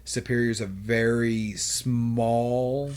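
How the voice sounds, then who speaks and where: A man's voice: medium pitch, extremely slow, smooth. A man, a podcast guest telling work stories in casual, profane chat and acting out what people said. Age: 40s. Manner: animated, profane storytelling, acts out quotes.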